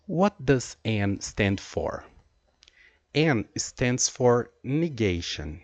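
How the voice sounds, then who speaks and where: A man teaching an English grammar lesson, explaining slowly and reading out example sentences. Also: mid-range voice, big pitch swings, no room sound, muffled recording. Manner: slow, deliberate explaining with drawn-out example sentences.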